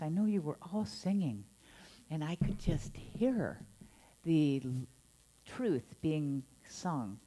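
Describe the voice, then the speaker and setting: A woman minister preaches a Sunday sermon in a low, mellow voice. Her pitch swoops up and down with a lot of life. She talks in a playful, chatty way and acts out the tones she describes. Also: slow. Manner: animated and playful, acting out scolding tones with laughs. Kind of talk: Sunday sermon to a live and online congregation. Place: church service.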